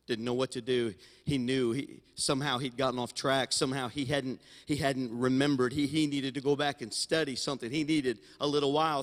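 A man preaching a sermon as senior pastor, telling the story in an animated way and swinging from loud to quiet. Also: mid-range voice. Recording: long hall reverb in a sanctuary.

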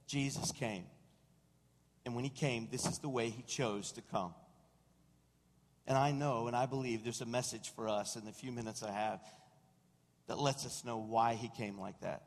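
A male senior pastor delivers a Christmas-season sermon in a storytelling style. He speaks at a middle pitch and gets animated as he acts out other people's lines. His voice rings out with the long reverb of a big sanctuary. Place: church sanctuary. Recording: long reverb of a large room.

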